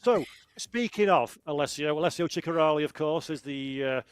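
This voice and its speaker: A man's voice: a little high, clean tone, no echo. Upbeat esports commentator, man. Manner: upbeat, brisk, hands off segments. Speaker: lead commentator.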